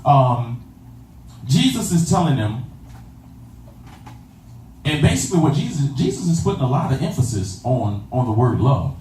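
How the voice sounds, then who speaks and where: With a sing-song, slightly mellow delivery at medium pitch, a man preaches at normal speed, leaving long pauses. He repeats phrases and asks "you understand that?" in call-and-response with the congregation. It's recorded from a distance in an echoey room with faint ambience and slight background noise.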